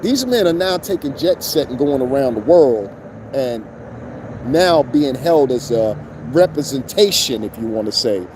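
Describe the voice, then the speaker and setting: Give me a blunt, profane male host talking at mid pitch, with faint car noise outdoors behind him. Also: very animated, unhurried. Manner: blunt, profane, rhetorical asides to listeners. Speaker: show host. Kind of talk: unscripted commentary rant.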